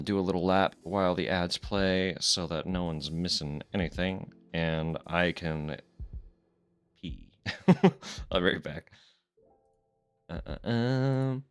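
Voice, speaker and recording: Male streamer, casual gameplay chat, deep voice, easygoing, cursing. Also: fairly bright tone, clean tone. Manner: laid-back, swears and laughs easily.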